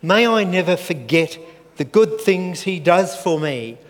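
An older man preaching a sermon, slow and earnest as he reads scripture aloud. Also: high-pitched, animated, a faint crowd. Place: church hall. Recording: long church hall reverb, faint room noise.

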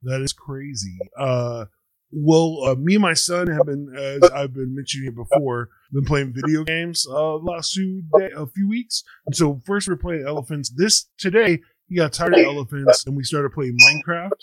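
A man's voice: fairly high pitch, normal speed, fairly bright tone, dry recording, low-quality recording. Laid-back man hosting a chat, dry sound. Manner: laid-back, chuckling, rambling. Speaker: podcast host. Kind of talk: casual chat.

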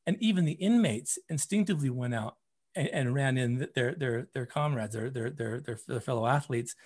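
Husky, animated storytelling man. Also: medium pitch, moderate pace. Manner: animated storyteller, repeats words when excited. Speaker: running coach and program founder. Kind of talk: podcast guest storytelling.

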